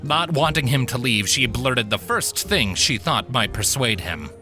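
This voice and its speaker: A man narrating a fantasy short story in an expressive storytelling manner, with faint music behind him. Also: medium pitch, unhurried.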